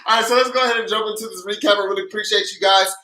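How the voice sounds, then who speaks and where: A lively livestream host who runs a tax news recap with playful hype, slang and countdowns, calling out viewers by name. The voice is bright and cutting. It sounds roomy and echoey. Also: mid-range voice, rapid-fire. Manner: energetic and playful, with casual slang, chanting and countdowns.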